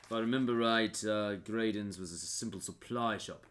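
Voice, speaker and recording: A man's voice: fairly low pitch, normal speed, a bit bright. A man in a tabletop role-play game, speaking formally and piously as a priest character. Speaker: player voicing a priest character.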